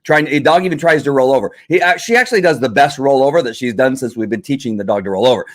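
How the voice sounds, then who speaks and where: A man's voice: medium pitch, expressive, fast talker. A man hosting a live stream, explaining dog training in a conversational, repetitive teaching manner with fillers. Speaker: livestream host and dog trainer.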